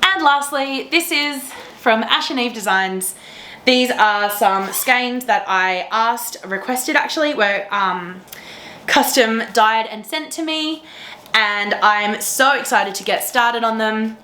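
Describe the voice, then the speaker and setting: A woman's voice: fairly high pitch, lively intonation, slow pace, sharp tone, echoey room, a little hiss or hum. A young woman hosting a knitting podcast, chatting casually and gushing with enthusiasm. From Australia. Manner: gushing, enthusiastic, laughs often. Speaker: teacher. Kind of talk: casual chat to camera.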